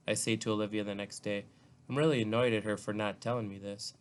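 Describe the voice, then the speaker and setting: A man's voice: on the low side, flat delivery, quick pace. A man, a teacher, reading a novel aloud to a class, calling out page numbers and stopping now and then to comment.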